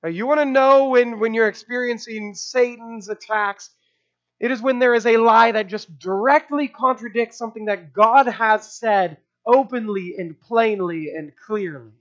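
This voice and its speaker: A man's voice: extremely high pitch, normal speed, a bit bright, dull audio. A man preaching a sermon, emphatic, with rhetorical asides and repeated phrases. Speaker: pastor.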